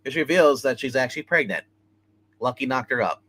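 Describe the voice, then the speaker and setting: A man's voice: medium pitch, expressive, a little fast, a bit bright. A man hosting a casual livestream comic book review, retelling a story loosely with many restarts and fillers. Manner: rambling plot retelling with many restarts and "he's like".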